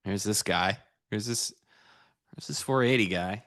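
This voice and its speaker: A man's voice: fairly low pitch, measured pace, a bit bright, dry recording, clean studio sound. A man co-hosting a live trading stream, chatting casually and laughing often. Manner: laughs often, playful and upbeat. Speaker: co-host and futures trader. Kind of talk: casual live-stream banter about trades. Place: studio.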